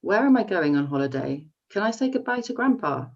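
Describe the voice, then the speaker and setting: A woman reading as an excited little girl. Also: mid-range voice, fairly quick, pitched above the performer's own voice. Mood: eager. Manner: eager and calling out. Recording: muffled audio, distant mic.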